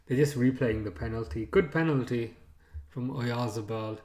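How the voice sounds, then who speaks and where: A man's voice: medium pitch, moderate pace. Chatty man in an echoey room. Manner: relaxed, hesitant with many fillers; reads out and answers viewer chat. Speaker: live-stream host. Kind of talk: casual match commentary.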